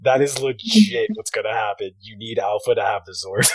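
A man's voice: fairly low pitch, sing-song, moderate pace, few pauses, slightly rough. A man running a tabletop game as game master, loose and laughing, with lots of swearing.

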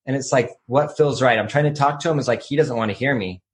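A man with a mid-pitched voice tells a story on a podcast. His delivery is relaxed and reflective, loose and full of casual fillers. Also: quick pace, slight background noise. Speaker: podcast co-host.

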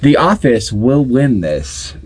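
A man talking with lively pitch, laughing often. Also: takes it slowly, slightly rough. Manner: laughs often, rambling with restarts. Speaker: podcast co-host. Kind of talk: casual podcast debate.

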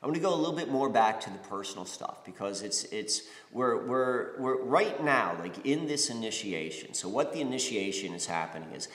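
A man's voice: mid-range voice, animated, fairly quick, hardly any pauses, a bit bright. A man from the United States giving a reflective spiritual talk, rambling with many fillers and restarts. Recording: echoey room with long reverb.

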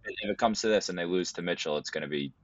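A man co-hosting a casual sports podcast, laid-back and thinking out loud. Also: low-pitched, fast talker, dry recording. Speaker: podcast co-host. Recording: dull dry lo-fi sound.

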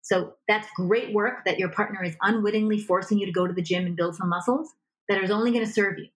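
A woman coaching on relationships as a guest in an interview, lively and acting out example dialogue as she explains. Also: medium pitch, fast talker, low-quality recording. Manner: animated, acts out example dialogue. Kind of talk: conversational advice in a podcast interview.

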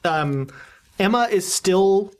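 A game master narrating a horror tabletop game, often pausing and restarting sentences. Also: medium pitch, expressive, darkish tone. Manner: halting, with many restarts and fillers.

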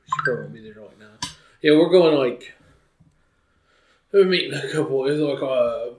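A man's voice: mid-range voice, lively intonation, moderate pace, crowd noise. A young man chatting casually, telling stories in a loose, rambling way and laughing often. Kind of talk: casual chat.

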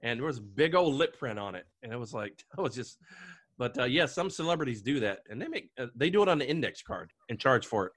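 Chatty podcast host, bright voice. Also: male voice, medium pitch, lively intonation, quick pace, no echo. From Delaware. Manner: chatty, laughs often. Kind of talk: casual podcast chat.

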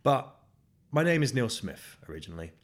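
A man's voice: mid-range voice, very animated, a little fast. A man hosting his own solo podcast into a microphone, talking in a rambling, self-deprecating way. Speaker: podcast host.

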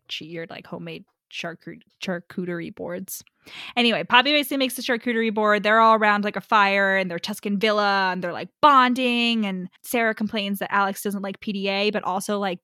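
A woman's voice: mid-range voice, pushed and bright, no room sound, studio quality. A woman co-hosting a casual book chat podcast, talking loosely and candidly with frequent fillers and casual swearing. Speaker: podcast co-host.

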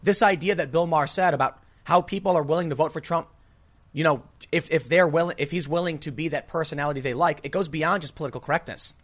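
A man's voice: fairly high pitch, fast, a bit bright. A man hosting solo political commentary, reading from an article with sarcastic asides and repeating words when fired up.

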